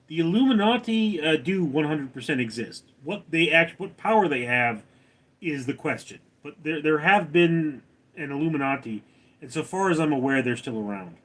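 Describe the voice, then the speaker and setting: With a fairly high, fairly bright voice and lively intonation, a man hosts a casual livestream at a moderate pace. He reads out viewer comments and fires back wry jokes.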